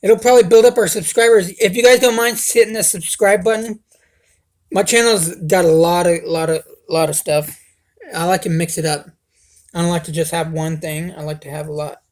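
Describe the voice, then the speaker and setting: A man's voice: sits high, steady tone, normal speed. A young man hosting a casual livestream, rambling and swearing, calling everyone dude. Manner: rambling, profane, says dude a lot. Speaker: livestream host.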